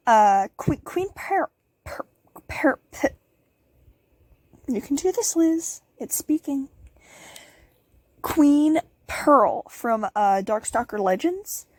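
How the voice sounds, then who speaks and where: Bubbly teenage girl with a lively voice. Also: medium pitch, no echo. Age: teens. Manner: bubbly, giggly, rambling with playful asides. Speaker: channel host. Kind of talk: casual Q&A vlog.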